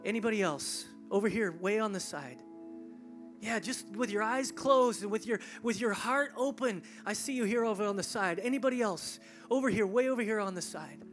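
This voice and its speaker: During a service in a large church, a pastor gives an altar call, shifting between intense near-whispers and rising, fervent appeals. The voice is medium-pitched at normal speed, with soft music in the background.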